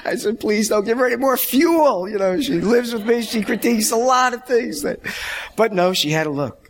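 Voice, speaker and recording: A man's voice: extremely high pitch, lively intonation, normal speed, slight background noise. A middle-aged man preaching a sermon, telling stories animatedly and laughing along. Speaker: pastor.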